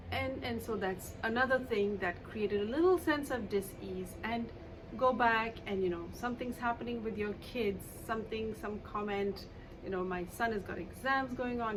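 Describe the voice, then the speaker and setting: A woman's voice: a little high, slight background noise, rough recording. A woman coach speaking casually to camera, telling everyday stories with many fillers. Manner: conversational, many fillers and anecdotes. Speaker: EFT coach and author.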